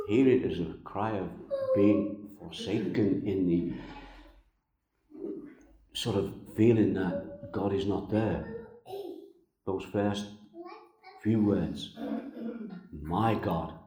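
A man preaches in a slow, deliberate sermon, leaning on repeated phrases and long pauses. His voice sits low and mellow. The sound rings around an echoey church room. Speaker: pastor.

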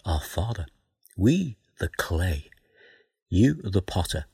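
A man giving a Bible teaching sermon, asking questions and reading scripture aloud in a measured way. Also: low-pitched, creaky, breathy edge, no echo. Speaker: preacher.

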